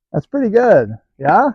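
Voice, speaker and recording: A man's voice: high-pitched, creaky, slightly rough, no echo. Chuckling DIY man, dry dull sound. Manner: chatty, self-mocking, chuckles often. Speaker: DIY channel host. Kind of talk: casual hands-on demo vlog.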